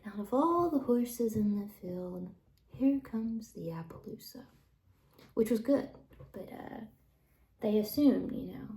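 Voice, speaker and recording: A woman telling personal stories in a casual monologue, rambling along and dropping into soft whispered asides. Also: medium pitch, lively intonation, a little slow, pauses often, rough recording.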